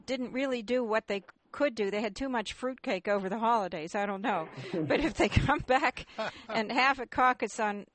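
A woman hosting a radio talk show, putting questions to her guests in a halting way with restarts. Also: on the high side, a bit bright. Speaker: radio host.

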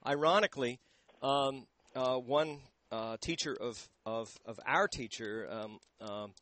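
Speaking into a handheld microphone for a radio interview, a male voice teacher explains singing technique, often pausing to search for words. His voice is medium in pitch with a fairly bright tone.

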